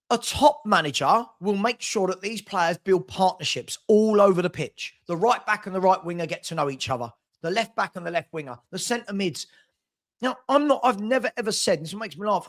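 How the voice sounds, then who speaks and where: A man's voice: high-pitched, a bit bright. A man hosting a casual football chat stream, arguing his points emphatically with rhetorical questions. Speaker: podcast host.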